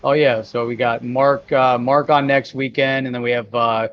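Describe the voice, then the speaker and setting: A man's voice: medium pitch, little pitch movement, moderate pace, dry recording, dull audio. A man co-hosting a casual live stream, upbeat and easygoing, often chiming in with short agreement. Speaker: co-host.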